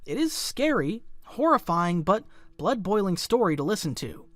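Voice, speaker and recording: High, lively dramatic male narrator. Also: normal speed, no echo, clean studio sound. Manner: dramatic, emphatic delivery. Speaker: narrator of a commentary video. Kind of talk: scripted narration.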